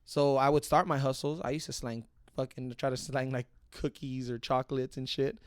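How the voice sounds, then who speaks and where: A young man telling a profane, animated story in a casual podcast chat. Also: mid-range voice, moderate pace, clean tone, no echo, clean studio sound. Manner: profane, animated, acts out other people's voices. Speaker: podcast guest.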